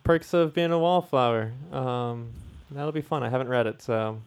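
A man co-hosts a casual podcast in an ordinary mid-range voice. His delivery is relaxed and halting, full of ums, uhs and restarts. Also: mid-range voice, clean tone. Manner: halting, many fillers and restarts, laid-back. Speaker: podcast co-host. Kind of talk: casual chat.

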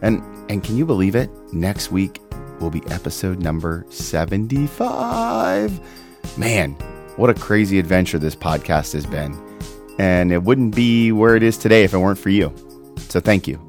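A man hosting a faith podcast, encouraging and quick to laugh. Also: deep voice, very animated, soft background music. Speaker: podcast host. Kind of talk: casual interview hosting.

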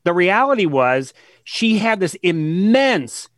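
This is a guest author, a man with a high, sing-song voice, explaining his ideas in an interview. He speaks earnestly and emphatically, drawing out key words and recounting conversations to illustrate his points, and the recording is dry and studio quality.

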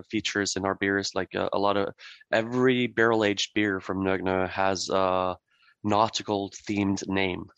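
Man, Norwegian accent, hesitant, many fillers, low flat smooth voice, dry muffled sound. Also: no echo. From Norway. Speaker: brewery representative, guest. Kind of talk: interview answers.

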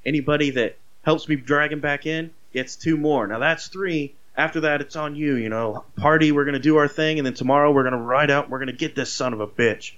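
A man's voice: fairly high pitch, a little fast, few pauses, fairly bright tone, dull audio, voice pushed up, close to an everyday voice. A man voicing a brash frontier sheriff who rallies a posse with boastful, swaggering talk.

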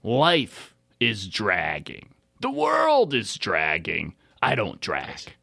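A weary, disheveled man-character, put on by a male comic and voiced with a gravelly, fry-laden low voice. He drawls deadpan, pompous declarations with a lively, swooping pitch, in a dry, close sound. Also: drawn-out words, no echo, heavily acted. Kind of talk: improvised comedy bit.

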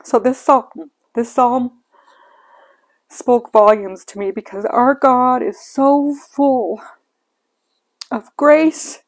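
A woman's voice: on the high side, extremely slow, pauses often. An older woman hosting a devotional podcast, sharing a heartfelt personal reflection on scripture with sighs and emotion in her voice.

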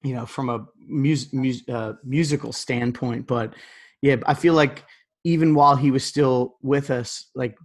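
A man hosting a podcast in casual interview chat, relaxed, with many fillers. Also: mid-range voice, unhurried. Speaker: podcast host.

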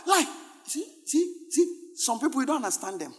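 Ghanaian male pastor, very high lively voice, shouting sermon, echoing church hall. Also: moderate pace, soft background music. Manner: animated, switching between soft asides and shouted exhortations.

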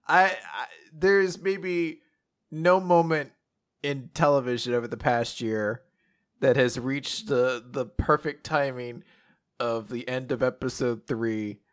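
A man co-hosting a casual chat, loud and excitable, often swearing. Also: mid-range voice, takes it slowly.

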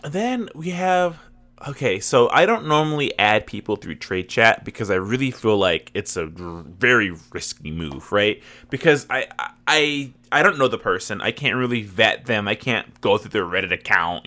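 A man hosting a casual gaming podcast, telling stories in a lively way and swearing freely. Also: lowish voice, normal speed. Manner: animated storytelling, swears freely. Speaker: podcast host and guild recruiter.

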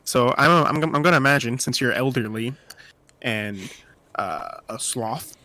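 A man's voice: medium pitch, a little slow, bright, forceful tone, dry recording. A man playing a party game in a casual podcast chat, joking and thinking aloud. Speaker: game player.

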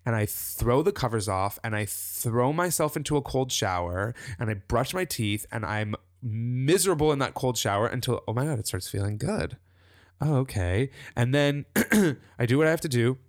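An animated man chatting on a podcast. He laughs easily and acts out the voice in his head. The sound is close and dry, with an everyday mid pitch. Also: moderate pace, no echo. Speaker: podcast guest. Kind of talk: casual podcast conversation.

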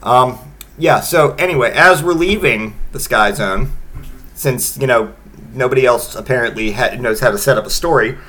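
A man's voice: medium pitch, normal speed, sharp tone. Rambling, profane man in his late thirties. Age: late 30s. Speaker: podcast host. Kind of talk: casual comedic storytelling.

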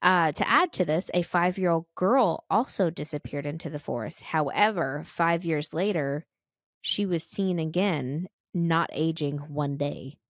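An American woman co-hosting a podcast, chatting casually and retelling a spooky story, animated and giggly. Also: sits low, a little slow, dry recording, studio quality. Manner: animated and giggly, acts out reactions. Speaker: podcast co-host.

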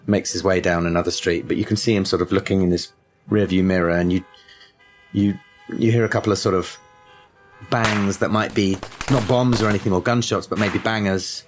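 A man's voice: low-pitched, steady tone, brisk, over music. Hesitant man narrating a game. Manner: hesitant, many ums and uhs. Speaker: game master.

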